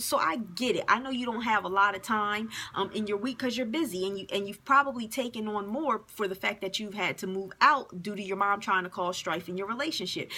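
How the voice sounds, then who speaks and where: Bright-voiced chatty woman giving advice. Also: mid-range voice. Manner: frank and chatty, drawn-out phrasing with fillers. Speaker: advice vlogger. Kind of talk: casual advice vlog.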